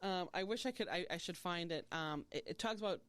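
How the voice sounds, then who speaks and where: A woman hosting a podcast, chatting casually in a gushing, excitable way and swearing now and then. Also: on the low side, fairly quick, clear, resonant tone. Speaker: podcast host. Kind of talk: casual chat.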